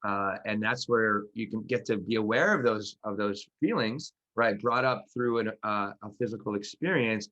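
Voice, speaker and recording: A man's voice: lowish voice, normal speed, hardly any pauses, bright, forceful tone, lo-fi sound. Rambling man telling a self-deprecating story. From Philadelphia. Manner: rambling, self-correcting, laughs at himself. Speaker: podcast co-host and class teacher. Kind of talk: casual chat, then guided grounding practice.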